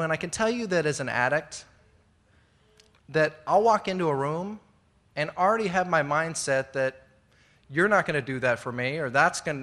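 His voice a little high, bright and forceful, a middle-aged man tells his recovery story to a meeting audience indoors. He rambles with many fillers and restarts. He stays earnest and laughs at himself at times.

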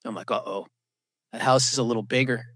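A man sharing his recovery testimony at a meeting, telling it as an animated story with self-mocking asides and quick impressions of other people. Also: medium pitch, breathy edge, no echo, studio quality. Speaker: recovery program speaker. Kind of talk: personal testimony talk.

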